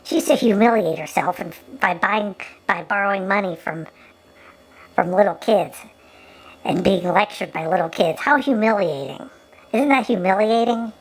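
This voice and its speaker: A woman's voice: medium pitch, normal speed, poor audio. A woman giving sarcastic running commentary over an old film, often stumbling and repeating her words.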